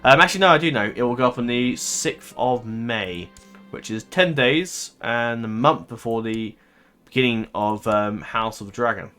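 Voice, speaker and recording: Bright-voiced man rambling over gameplay. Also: medium pitch, moderate pace, clear, resonant tone, faint music behind. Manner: rambling, thinks aloud, swears and laughs easily. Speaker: gaming commentator. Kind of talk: casual let's-play commentary.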